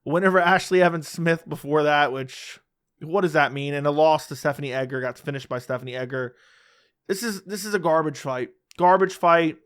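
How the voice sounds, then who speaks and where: A man with a somewhat high-pitched voice talks through his fight predictions on his own. He is blunt and opinionated, with a dry, sarcastic streak. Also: brisk, fairly bright tone, smooth. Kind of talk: casual solo fight-prediction commentary.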